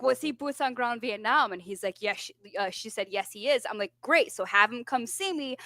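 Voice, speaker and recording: A woman chatting on a radio show as a veterans benefits advocate, telling an animated story and swearing freely. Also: fairly high pitch, dry recording. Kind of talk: casual radio chat.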